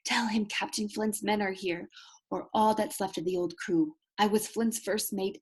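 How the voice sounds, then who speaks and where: Gruff ailing old sea captain growling and pleading, storybook read-aloud by a woman teacher, husky tone. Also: medium pitch, lightly acted.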